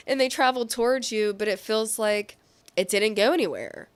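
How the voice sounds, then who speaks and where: A woman's voice: medium pitch, expressive, normal speed, clear, resonant tone. A woman giving a casual tarot reading, talking in a loose, rambling way and correcting herself as she goes. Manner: rambling, self-correcting, with fillers. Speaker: tarot reader.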